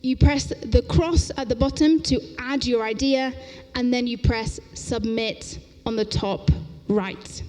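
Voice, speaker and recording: In a big, reverberant lecture hall at a conference, a lively woman teacher trainer runs an interactive workshop talk. Her voice is slightly high and her pace brisk, with regular "okay?" check-ins.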